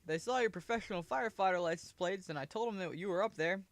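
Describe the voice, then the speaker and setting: Guy doing his friend on the phone, eager, pitched way up. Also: fast talker, no echo. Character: excited young male friend on the phone.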